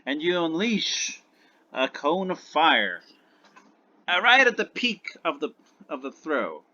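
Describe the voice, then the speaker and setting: A man's voice: on the high side, sing-song, slow pace, bright, forceful tone, dull audio. A man narrating a tabletop game as game master, rambling and correcting himself as he goes.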